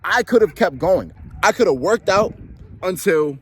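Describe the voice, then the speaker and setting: A man's voice: high voice, animated, a little slow, breathy edge. A young man giving a casual motivational monologue, blunt and profane, firing rhetorical questions and slang fillers. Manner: blunt, swears freely, repeats rhetorical questions; slangy, frequent "you know what I'm saying". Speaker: motivational talk host.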